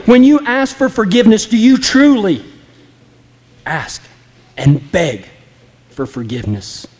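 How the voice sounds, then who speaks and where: A man's voice: high voice, wildly swooping pitch, measured pace, darkish tone, long reverb tail. A man preaching an impassioned, folksy sermon that speaks straight to the congregation. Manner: impassioned, folksy and direct, acting out flippant apologies.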